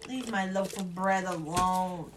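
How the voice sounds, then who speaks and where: A woman's voice: on the low side, slow pace, noisy background. A young woman joining a casual podcast chat, stating her opinions firmly.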